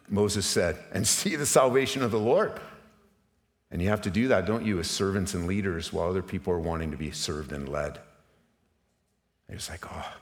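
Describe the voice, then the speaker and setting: A middle-aged man preaching a sermon to his congregation, passionate and direct, asking rhetorical questions and swinging between hushed and loud emphatic moments. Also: fairly low pitch. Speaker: pastor. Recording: long reverb of a large hall.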